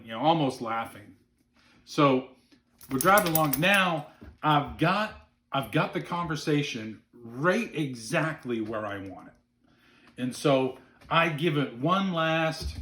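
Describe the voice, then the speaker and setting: A man telling a funny story on stage about guiding a moose tour, playful and lively, acting out the dialogue. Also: a little high, normal speed, reverberant. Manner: animated, playful, acts out dialogue.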